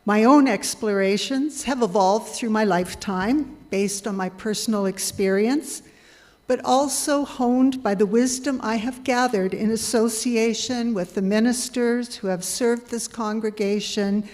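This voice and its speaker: A woman giving a measured, earnest reflection to a congregation as a lay worship leader. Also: a little high, a little mellow. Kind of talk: sermon reflection. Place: congregation hall. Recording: long hall reverb.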